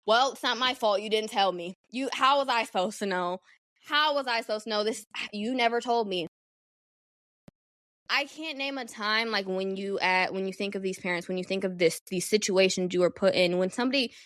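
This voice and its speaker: A woman's voice: a little high, animated, fairly quick, a bit bright, dry recording. A young woman hosting a solo podcast, talking candidly and animatedly, swearing freely. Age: young adult. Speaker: podcast host. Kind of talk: casual solo podcast talk.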